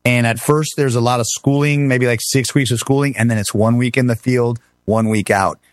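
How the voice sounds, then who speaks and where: A middle-aged man telling his army stories as an interview guest, animated, acting out the voices he quotes and laughing often. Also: medium pitch, normal speed, dry recording, studio quality. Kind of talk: casual storytelling interview.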